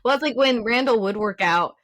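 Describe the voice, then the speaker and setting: A woman's voice: on the high side, fairly quick, a bit bright, no echo. A woman co-hosting a podcast in casual chat, talking loosely with lots of fillers and laughing easily. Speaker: podcast co-host.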